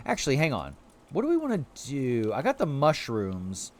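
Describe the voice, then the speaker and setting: A man's voice: mid-range voice, huge pitch swings, moderate pace. A man streaming a video game, chatting with his viewers and talking playfully to the creatures on screen. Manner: playful, apologetic asides. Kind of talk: casual livestream commentary.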